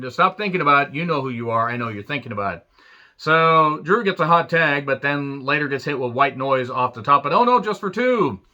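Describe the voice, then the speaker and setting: A man's voice: mid-range voice, sharp tone. Sarcastic, profane man ranting. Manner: sarcastic, crude jokes, frequent swearing. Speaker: wrestling show reviewer.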